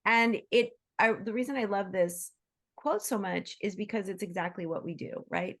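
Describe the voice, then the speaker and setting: Female host, mid pitch, gravelly fry, chatty and upbeat, lots of self-corrections. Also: normal speed, fairly bright tone. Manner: enthusiastic, chatty, frequent restarts and "right?"; acts out quoted voices in bursts. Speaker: workshop host. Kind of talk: casual talk to an online group.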